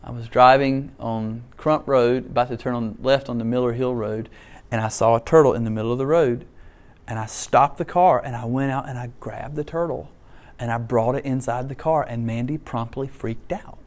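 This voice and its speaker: A middle-aged man delivers a sermon in an animated, storytelling way. He mixes scripture with funny personal asides. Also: mid-range voice, moderate pace. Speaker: pastor.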